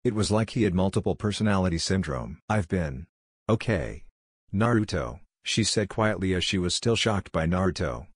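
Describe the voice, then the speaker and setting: A man reading a fan-fiction story aloud as narrator, in an even, unhurried way. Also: low voice, no room sound, studio quality.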